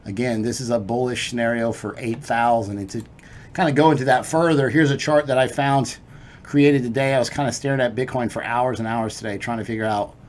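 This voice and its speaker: A man's voice: medium pitch, steady tone, a little fast. Upbeat chatty man walking through charts. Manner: chatty and upbeat, peppered with "right?" and "you know". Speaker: crypto trading video host. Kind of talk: casual chart walkthrough.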